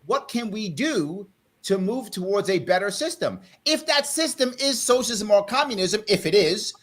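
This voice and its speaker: High, lively-voiced New man. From South Bronx, New York. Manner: firm, tries to calm a heated guest. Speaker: host. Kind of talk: live panel talk show.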